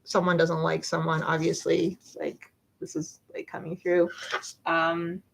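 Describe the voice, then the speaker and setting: A woman's voice: fairly low pitch, little pitch movement, measured pace, gravelly, low-quality recording. A woman doing a live tarot reading, chatting casually and rambling with lots of fillers and self-corrections. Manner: chatty, rambling, many fillers and self-interruptions, laughs often. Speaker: tarot reader.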